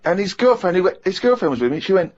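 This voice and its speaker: This radio co-host, a man in his thirties, has a high voice and a quick pace. He animatedly spins a funny anecdote in casual on-air chat, voicing other people's lines and breaking into laughter as he talks, all on a slightly muffled recording.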